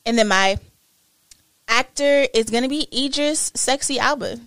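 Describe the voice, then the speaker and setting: Chatty woman with a high, bright voice. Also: a little slow, clean tone, no room sound. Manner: animated, laughs often, chatty. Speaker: podcast co-host. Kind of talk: casual chat.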